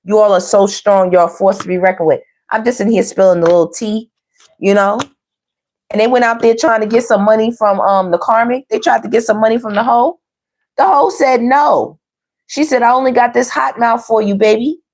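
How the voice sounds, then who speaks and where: A woman's voice: on the high side, normal speed, a little mellow. A woman doing a casual online tarot reading, chatty and playful, who laughs often and talks straight to her viewers. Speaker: tarot reader.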